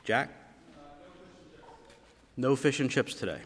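A man giving brisk, formal liturgical announcements during a church service. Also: mid-range voice, fairly even intonation, fairly bright tone. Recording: distant voice in church reverb.

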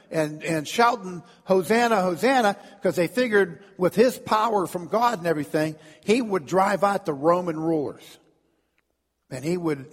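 A man's voice: high voice, husky, long reverb tail. A man preaching a sermon in a storytelling manner, often repeating words and acting out crowd voices. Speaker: pastor.

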